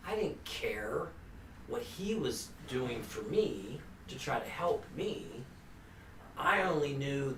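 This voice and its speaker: A man of ordinary pitch giving an earnest, conversational recovery talk to a family group, with restarts and asides. He sounds distant from the mic in an echoey room. Faint background hum sits under his voice. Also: expressive, slow, fairly bright tone. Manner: earnest, conversational, with repeated restarts and frequent "you know". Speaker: recovery counselor and presenter. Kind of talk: informal lecture to a family group. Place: meeting room.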